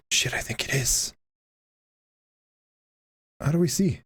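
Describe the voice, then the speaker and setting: Woman streamer, low lively voice, crude joking asides, frequent laughter. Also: slow pace, slightly rough. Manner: joking, profane, laughs often. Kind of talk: casual live-stream commentary.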